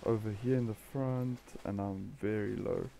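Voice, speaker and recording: Man, gaming commentary, mellow dark voice, repeats urgent commands, says bro, faint game noise. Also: on the low side, steady tone, moderate pace, creaky. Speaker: gamer playing with a friend.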